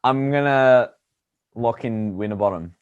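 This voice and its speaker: A man's voice: medium pitch, measured pace, smooth, muffled recording. A young man co-hosting a casual sports podcast, laid-back and chuckling, trailing off into fillers. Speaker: podcast co-host.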